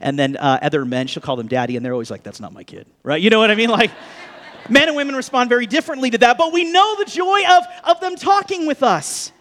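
A man in his thirties, a pastor, giving a conversational sermon with lively asides and jokes to the congregation. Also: extremely high pitch, fast.

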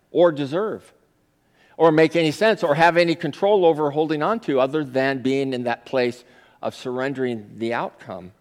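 A man preaching a sermon in a conversational storytelling style that swells into forceful peaks. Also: medium pitch. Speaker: pastor. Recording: long reverb of a large hall.

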